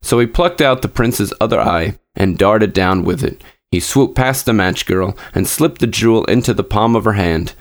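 A man narrating a classic fairy tale aloud in a measured, expressive storybook reading. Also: lowish voice.

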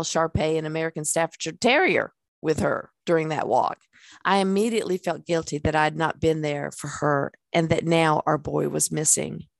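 Woman reading her own memoir, earnest, kinda low voice, super dry no room sound. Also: creaky, no room sound. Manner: earnest, with small laughs and fillers in asides. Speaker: life coach telling her own story. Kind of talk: reading a personal memoir aloud.

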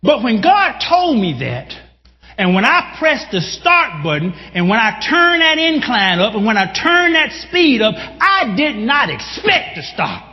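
A male pastor preaching a sermon to a congregation, animated, bursting into shouts and addressing listeners directly. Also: very high voice, a little slow. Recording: dull lo-fi sound with long hall reverb.

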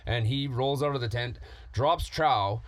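A man's voice: mid-range voice, unhurried, dry recording. A man swearing and laughing as he tells a crude story in podcast banter. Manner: profane, laughs while telling. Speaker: podcast co-host. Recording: loud background noise.

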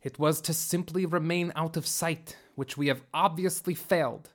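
A man acting out a calm male alien held captive, who speaks in a soft, formal, measured voice. He stays polite and stoic under questioning. His voice sits a little high for a man. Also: close to an everyday voice.

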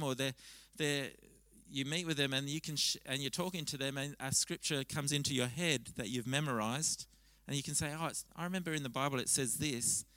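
A man delivers a sermon to a church congregation in a bright, forceful voice. He speaks conversationally and tells stories with animated restarts. The sound is dry and close. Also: fairly high pitch, dry recording, rough recording. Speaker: pastor. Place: church service.

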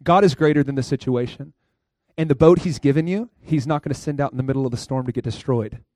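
A male pastor preaching a lively sermon in a conversational way, laughing often and asking the listeners questions. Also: mid-range voice, quick pace, no echo, clean studio sound. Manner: conversational, asks the crowd questions.

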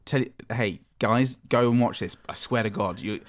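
A man's voice: mid-range voice, normal speed. A man co-hosting a comedy podcast, joking and rambling with stammered restarts. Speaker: podcast co-host. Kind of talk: casual comedic chat.

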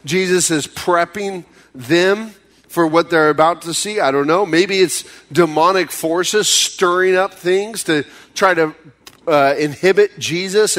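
A male pastor preaching with a fairly high voice. He talks to the congregation like a friend, then jumps up in pitch to act out desperate pleas. For weighty points he drops low and slows right down. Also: a bit bright. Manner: conversational preaching, acting out quoted pleas with sudden high bursts. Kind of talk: sermon.

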